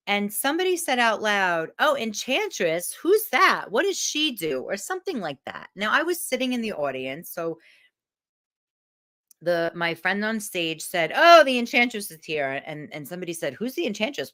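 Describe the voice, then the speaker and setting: A woman's voice: medium pitch, moderate pace. A woman coach giving a candid, emotional motivational talk to camera, swearing freely. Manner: animated.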